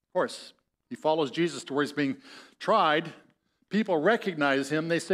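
A male pastor preaching in a church, his voice pitched a little high for a man. He tells the story conversationally, speeding up and slowing down and acting out the voices of the people in it. A light Upper Midwest American accent colors his speech. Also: a bit bright. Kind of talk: sermon. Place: church sanctuary.

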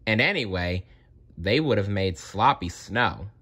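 A man voicing a matter-of-fact toy duck in a storybook reading, low and sensible. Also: animated, measured pace, a bit bright, heavily acted.

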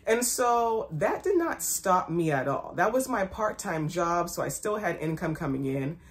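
Young woman, lowish voice, storytelling vlog host, repeats lines for emphasis. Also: very animated, unhurried. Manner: emphatic, repeats phrases for effect; acts out quoted voices in her story. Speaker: fashion blog founder and host. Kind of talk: personal storytelling to camera.

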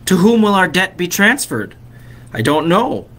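A man's voice: high-pitched, very animated, measured pace, fairly bright tone, voice pushed up, heavily acted. A man voicing a relieved husband of a debt-ridden couple in a hopeful, raised storytelling tone.

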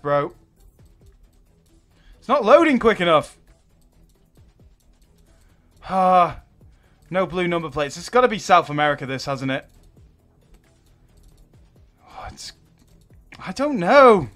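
Excitable young gamer, lively pitch. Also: male voice, a little slow, pauses often, faint music behind. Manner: excitable, swears and exclaims in frustration. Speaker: gaming YouTuber. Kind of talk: live gameplay commentary.

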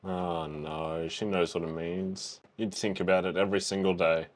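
A man's voice: deep voice, level tone, normal speed. A young man, chatting and exclaiming as he reacts to a film for the first time. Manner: chatty, exclaims and thinks aloud. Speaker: reaction video host. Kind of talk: casual film reaction commentary.

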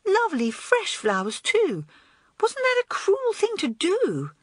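A woman voicing a hot-headed, excitable schoolgirl who talks in an eager, impulsive rush. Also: very high voice, unhurried, dry recording, clean studio sound, voice pushed up, exaggerated voice. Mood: indignant.

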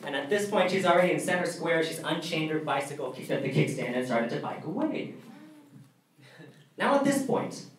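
A young man doing a stand-up storytelling set on a college comedy stage, animated, his voice jumping high and squeaky when he gets excited. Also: normal speed. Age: young adult. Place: college comedy club stage before a live audience. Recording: echoey room, picked up from a distance, faint noise.

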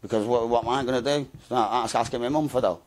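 A man's voice: mid-range voice, fast. Rambling man telling his story. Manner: rambling, slangy, repeats "mate" and "do you know what I mean". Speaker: interview guest. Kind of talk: casual storytelling interview.

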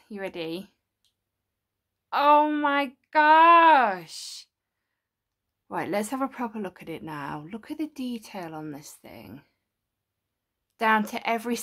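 A woman filming a casual home unboxing vlog, gushing and excitable, sometimes dropping to a whisper. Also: medium pitch, unhurried. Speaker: unboxing vlogger. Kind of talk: casual chat to camera. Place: home studio.

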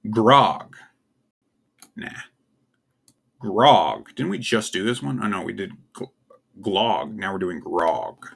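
Young male host, low and gravelly, casual and wry, thinks out loud. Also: expressive, slow pace, pauses often. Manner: offhand, puzzled, wry asides. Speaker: tier list video host. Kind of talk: casual solo commentary.

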